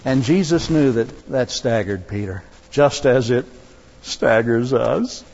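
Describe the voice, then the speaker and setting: A man's voice: mid-range voice, slow, slight background noise. A man preaching a sermon with humor, telling a story and acting out the voices. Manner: animated, jokey, acts out voices. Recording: dull sound, long hall reverb.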